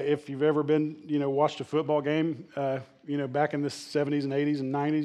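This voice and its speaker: A middle-aged man preaching a casual sermon, conversational, with many fillers and restarts. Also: mid-range voice. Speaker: pastor.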